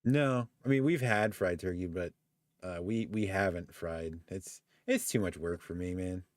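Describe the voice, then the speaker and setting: A man with a very deep voice chats easily with his co-host, laughing often and circling back on his own sentences. The sound is close and dry, with no room around it. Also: unhurried, no echo. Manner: easygoing, laughs often, rambling with restarts. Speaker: podcast co-host. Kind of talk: casual chat on a live stream.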